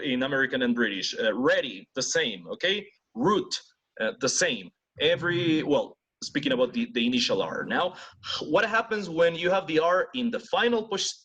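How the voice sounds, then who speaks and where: A man teaching English, animated and demonstrating pronunciation. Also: mid-range voice, husky. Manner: animated, switches between English and Spanish, demonstrates accents. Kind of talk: online class teaching. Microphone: video call.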